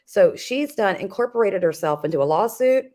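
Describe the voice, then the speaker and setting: A woman in the middle of a casual commentary chat, talking in a snarky, loose way. Her voice sits at an ordinary pitch for a woman. She pads her sentences with likes and ums. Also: animated, moderate pace, darkish tone. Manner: snarky, conversational, many fillers. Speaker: co-host.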